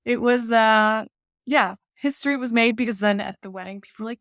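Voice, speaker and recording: A woman from Canada telling stories in a casual interview, animated, with quick asides and acted-out quotes. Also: medium pitch, creaky, no echo, studio quality. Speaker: guest, baker and culinary teacher.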